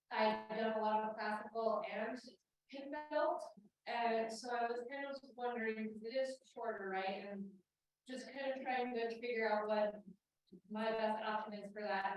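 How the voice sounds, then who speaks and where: A woman's voice: a little high, dull audio. A woman at a workshop hesitantly asking a question, with many ums and likes. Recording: echoey room, voice from far off.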